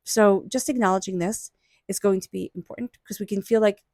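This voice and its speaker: A woman giving a tarot reading in a gentle, soothing, affirming way. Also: mid-range voice, steady tone, a little fast, no echo, clean studio sound. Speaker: tarot reader.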